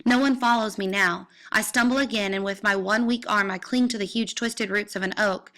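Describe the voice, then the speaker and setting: A woman reads a novel aloud in a bright, ringing voice. Her telling is intense and vivid, and she climbs into cries when the story turns violent. She sits at an ordinary, middle pitch throughout. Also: steady tone, moderate pace. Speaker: reader. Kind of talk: dramatic reading of a novel.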